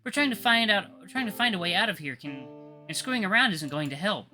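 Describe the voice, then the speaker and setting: Guy putting on a cold distant young woman, short clipped answers, pitched up a lot, faint guitar underneath. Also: lively intonation, quick pace, bright, forceful tone, heavily acted.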